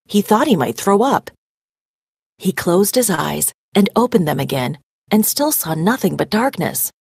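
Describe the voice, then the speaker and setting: A woman reading a story aloud expressively and pausing to define vocabulary words. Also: medium pitch, gravelly, slightly rough, dry recording, studio quality. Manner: animated, dramatic storytelling. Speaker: reader.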